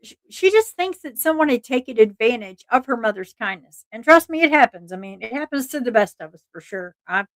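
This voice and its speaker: A slightly high-voiced woman hosting a true crime livestream, talking in a loose, earnest way. She restarts her sentences often and breaks off to speak to her chat. The sound is dry and close, with little room. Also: animated, brisk, no echo. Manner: chatty, earnest, asides to chat, frequent restarts. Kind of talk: casual live-stream narration.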